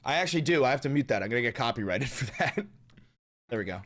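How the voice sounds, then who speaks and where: A streamer ranting profanely in a live reaction to a hearing clip. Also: male voice, medium pitch, expressive, fast talker, faint music behind. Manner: shouting, vulgar, ranting.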